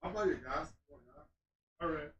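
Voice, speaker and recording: A man's voice: a little high, a little slow, a bit bright, breathy edge, muffled recording. A man stepping in with a hesitant, apologetic aside to the streamer.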